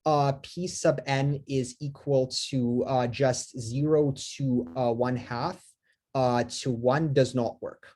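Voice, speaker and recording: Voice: medium pitch, fairly even intonation, slow, a little mellow. A lecturer giving a live math lecture, talking with many fillers, restarts and self-corrections, and asking the class questions.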